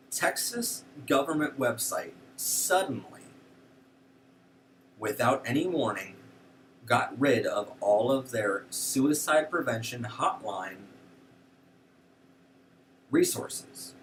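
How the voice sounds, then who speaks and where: Casting: indignant male host, lively up-and-down delivery, a little off-mic. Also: mid-range voice, far from the mic, a little hiss or hum. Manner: animated, indignant, frequent fillers. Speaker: show host. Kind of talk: casual political commentary.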